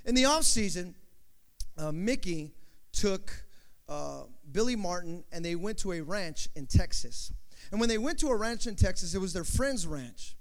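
A man with a high voice preaches a sermon, spinning a lively story full of "uh" and "you know." His words ring out with a long reverb in a large hall. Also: moderate pace. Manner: animated storytelling with fillers.

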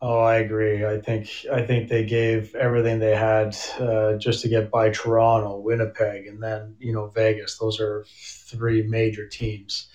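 A man's voice: fairly low pitch, monotone, normal speed, a little mellow. Man talking hockey in a roomy, muffled recording. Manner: conversational, frequent restarts and fillers. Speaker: hockey coach as guest. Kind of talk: casual sports interview. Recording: roomy, dull remote audio.

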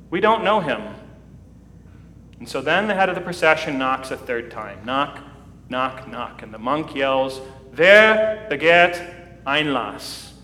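Guy preaching a sermon, kinda high bright voice, big roomy echo, gets loud and dramatic. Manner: dramatic, rising to loud emphatic peaks. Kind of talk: sermon storytelling. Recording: echoey hall with long reverb.

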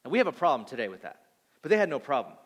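Animated male preacher in a reverberant hall. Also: medium pitch, rapid-fire, husky. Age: 30s. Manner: animated, acts out voices, swings loud and soft. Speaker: pastor. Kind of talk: sermon.

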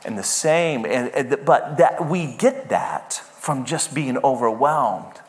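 A man's voice: mid-range voice, animated, slow pace. A man preaching a sermon as pastor, conversational and emphatic, often checking in with the congregation. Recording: long hall reverb.

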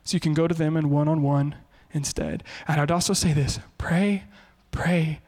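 A male pastor preaching a sermon in an animated way, often slipping into quoted voices. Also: on the high side, normal speed, big-room sound.

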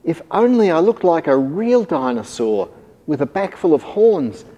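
Man voicing a gentle, wistful little dinosaur, storybook read-aloud, mellow tone, reverberant hall. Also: on the high side, very animated, measured pace, pitched above the performer's own voice. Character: little gentle green male dinosaur who loves knitting.

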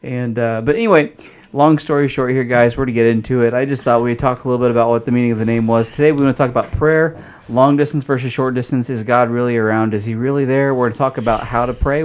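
A man's voice: medium pitch, fairly even intonation, fast talker. A young adult man hosting a casual podcast on faith, explaining loosely with plenty of fillers. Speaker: host.

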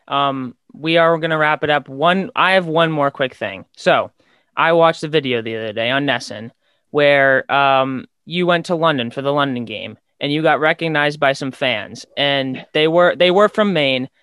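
A man hosting a podcast interview, asking questions in a relaxed, conversational way. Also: on the high side, normal speed, smooth, dry recording. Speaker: podcast host.

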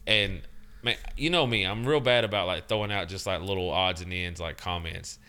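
A man with a low, smooth and very bright voice chats on a podcast. He rambles through stories, swearing often and poking fun at himself. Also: normal speed. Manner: rambling, swears a lot, self-deprecating. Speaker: podcast co-host. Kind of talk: casual profane chat.

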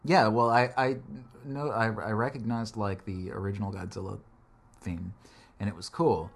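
A man's voice: fairly low pitch, steady tone, normal speed, creaky. A man in casual chat, rambling and joking, swearing now and then as he talks through a film.

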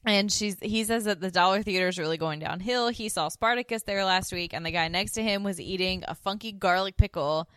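A woman's voice: medium pitch, fairly quick, hardly any pauses, smooth, no echo. A woman co-hosting a podcast, casually recapping an episode and quoting characters. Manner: relaxed recapping, often quotes characters. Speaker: podcast co-host.

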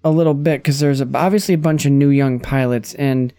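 A man's voice: medium pitch, fairly even intonation, brisk, warm tone. A young man co-hosting a casual movie podcast, enthusiastic and rambling, often restarting his sentences. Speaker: podcast co-host.

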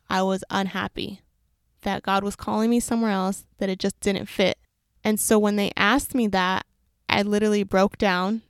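A young woman shares a personal faith testimony in an earnest, reflective manner, sometimes hurrying through runs of words. Her voice carries a gravelly fry. The sound is dry and close, with no room around it. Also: medium pitch, no room sound.

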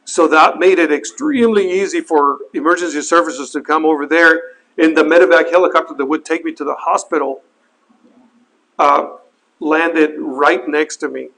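A man telling a personal story in a halting, earnest way, often repeating words and restarting his sentences. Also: a little high, fairly bright tone, poor audio. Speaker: helicopter flight instructor telling his crash story. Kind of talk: personal account, spoken testimony.

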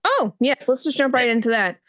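A woman's voice: a little high, fairly quick. A woman co-hosting a book podcast, chatting casually and acting out scenes in little voices. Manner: animated, gushing, acts out scenes in voices. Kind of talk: casual chat.

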